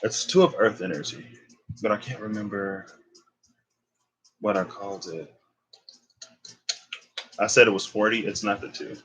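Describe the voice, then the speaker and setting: A man's voice: lowish voice, fairly even intonation, unhurried, long pauses, a bit bright, a little hiss or hum, rough recording. A young man giving a casual tarot reading, rambling and thinking aloud as he corrects himself. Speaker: tarot reader.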